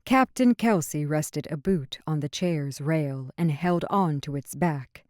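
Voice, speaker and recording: A woman narrates a fantasy audiobook in an even, measured way. Her voice is low, and the recording is close and dry with no room sound. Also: no echo. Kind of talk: scripted narration.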